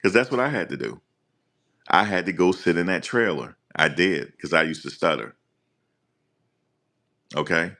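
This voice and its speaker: A man hosting a live stream, talking casually and teasing his viewers in an animated rant. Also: sits low.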